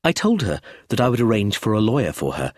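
A man reading a novel aloud as an audiobook narrator, in an expressive scripted way. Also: lowish voice, quick pace, dry recording, studio quality.

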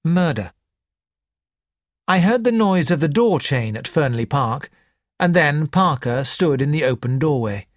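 A man reading a mystery novel aloud in the first person as an audiobook narrator, in a measured, expressive way. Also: on the high side, dry recording, studio quality.

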